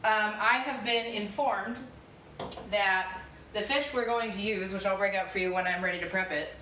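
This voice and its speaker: A woman hosting a casual cooking livestream from her home kitchen, loose and quick to laugh, swearing casually. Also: mid-range voice, pushed and bright. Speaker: cooking stream host. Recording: echoey kitchen, distant mic, faint hiss.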